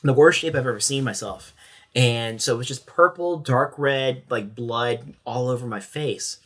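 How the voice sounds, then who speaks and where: A man's voice: medium pitch, moderate pace, a bit bright. A man, a sheriff's corporal, recounting a story as a podcast guest in a detailed, matter-of-fact way. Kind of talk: interview storytelling.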